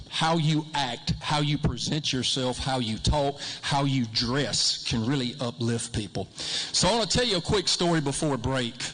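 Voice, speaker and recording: A man's voice: medium pitch, a bit bright. A man around fifty giving a motivational speech to a live audience, repetitive and folksy, with joking asides. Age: late 40s or 50s. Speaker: school district speaker. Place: large hall with audience. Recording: long hall reverb.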